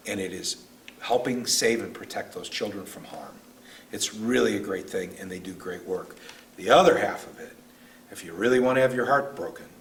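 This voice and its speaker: A man's voice: lowish voice, fairly bright tone. A man, a state senator, telling stories earnestly in a speech at a neighborhood meeting, sometimes emotional. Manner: earnest, storytelling, acts out quoted voices; emotional at times. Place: community meeting room. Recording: distant mic, faint room noise.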